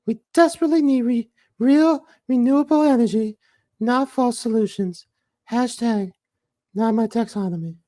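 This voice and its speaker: A man putting on a high falsetto voice to mock a young female climate activist. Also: normal speed, mellow. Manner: high-pitched mocking falsetto.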